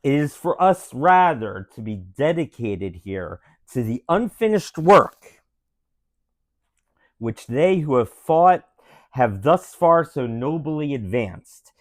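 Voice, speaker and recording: A parent putting on the voice of a solemn 1860s statesman, reading a famous speech slowly and gravely with long pauses. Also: mid-range voice, very animated, dry recording. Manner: slow, grave, with drawn-out pauses. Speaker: parent reading aloud to children.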